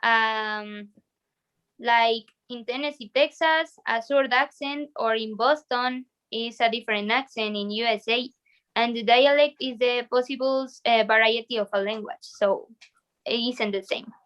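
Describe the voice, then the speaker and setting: A woman answering interview questions carefully, pausing with fillers. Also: on the high side, steady tone, a bit bright, clean tone. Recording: dull lo-fi recording.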